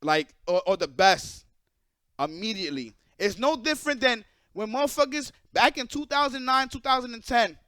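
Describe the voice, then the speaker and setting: A young man with a very high, bright voice rants to his viewers in a blunt, profane, animated way. The sound is dry and close, with no room echo. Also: moderate pace. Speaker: esports player and streamer. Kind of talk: casual ranting monologue to viewers.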